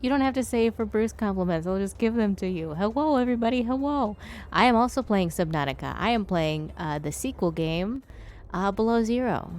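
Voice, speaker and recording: A woman's voice: mid-range voice, expressive, brisk, darkish tone. A woman streaming herself playing a video game, chatting playfully with her viewers and talking back at the game. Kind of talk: casual gameplay streaming.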